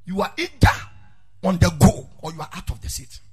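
A male pastor preaching a sermon, dropping low and then rising into sung, shouted lines. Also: big pitch swings, brisk, breathy edge. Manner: swings from murmuring to sung shouts. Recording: faint music behind.

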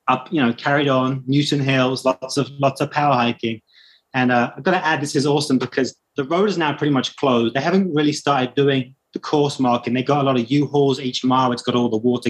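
A man with a British accent, casually telling a long story as a guest and acting out the voices of people he met. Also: medium pitch. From Britain. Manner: animated anecdote telling, acting out quoted voices. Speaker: guest runner.

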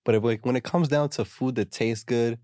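A man's voice: mid-range voice, fairly even intonation, moderate pace, a little mellow, dry recording, studio quality. A young American man in casual chat, ranting and joking with a lot of slang.

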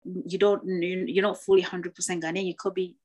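A woman's voice: lowish voice, level tone, brisk, darkish tone. A woman from Congo, a guest in a casual conversation about books, talking in an earnest, reflective way with frequent restarts.

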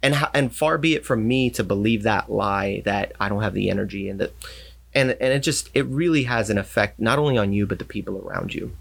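Male pastor, low voice, chatty storyteller. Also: brisk, gravelly. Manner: storytelling, acts out quoted voices. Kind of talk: casual faith talk.

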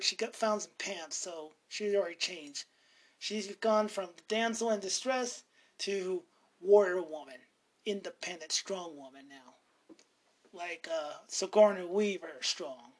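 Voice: medium pitch, fairly bright tone. Rambling casual movie recapper. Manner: rambling, frequently self-correcting.

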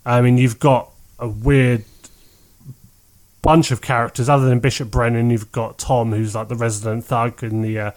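A man's voice: medium pitch, little pitch movement, darkish tone. A man in casual podcast chat, enthusiastic and laughing often. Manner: enthusiastic, laughs often, breaks into quick impressions.

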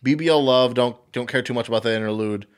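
A man's voice: medium pitch, fast talker, clean tone. A young man co-hosting a casual podcast, rambling through his opinions, swearing freely and slipping into mocking impressions. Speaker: podcast co-host. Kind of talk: casual chat.

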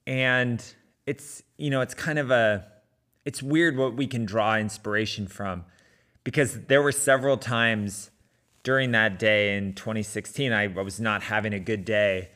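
A man's voice: on the low side, fairly even intonation, a little slow, fairly bright tone, clear, resonant tone. A middle-aged man casually telling a personal running story, talking with many fillers and restarts. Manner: conversational with frequent fillers and restarts.

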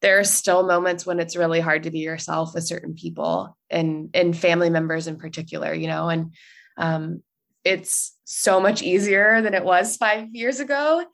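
Young woman guest, chatty storyteller, lower voice, filler-heavy and easy laughs. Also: fairly even intonation, moderate pace, fairly bright tone. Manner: chatty, lots of likes and ums, laughs easily. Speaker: podcast guest. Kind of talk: casual storytelling.

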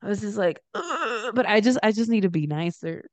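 A woman's voice: mid-range voice, quick pace, dry recording. A young woman co-hosting a podcast, chatting casually and acting out the people in her stories, laughing often. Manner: animated storyteller, acts out quoted people, laughs often. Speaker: podcast co-host. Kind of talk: casual chat, storytelling.

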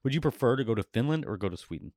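A man's voice: medium pitch, animated, very fast, a little mellow, no echo, clean studio sound. A man hosting a podcast, chatting casually in a rambling, jokey way with lots of fillers. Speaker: podcast host. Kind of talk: casual chat.

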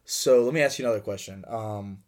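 A man's voice: on the low side, a little fast, darkish tone. A young man co-hosting a podcast, telling a story in a rambling, profane way with many fillers and acted-out dialogue. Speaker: podcast co-host. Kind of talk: casual storytelling.

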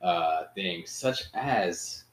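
A man in a casual podcast chat, speaking in halting, hesitant phrases. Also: low-pitched, expressive. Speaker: podcast co-host. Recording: roomy echo.

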